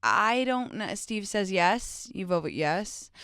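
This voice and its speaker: A woman's voice: medium pitch, slow pace, smooth, no room sound, clean studio sound. A woman hosting an advice podcast, talking frankly and expressively in casual chat. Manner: expressive, frank, reacting with disgust. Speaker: podcast host.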